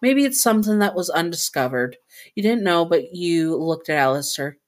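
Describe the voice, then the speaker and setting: A woman's voice: on the low side, animated, moderate pace. A woman narrating a second-person fan-fiction story in a chatty style, with self-corrections and offhand asides.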